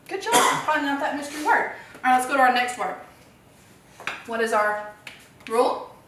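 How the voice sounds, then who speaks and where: A woman's voice: high voice, fairly bright tone, recorded from a distance, a little hiss or hum. A woman teaching a phonics lesson to young children, cheerful and encouraging, asking questions and answering them herself. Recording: very echoey room, voice from off-mic.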